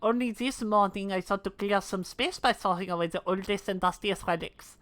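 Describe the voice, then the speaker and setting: A woman's voice: mid-range voice, fairly quick, fairly bright tone, no echo, natural voice. A woman voicing a courteous innkeeper in a put-on French accent, now and then stumbling over words. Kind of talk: reading game dialogue aloud.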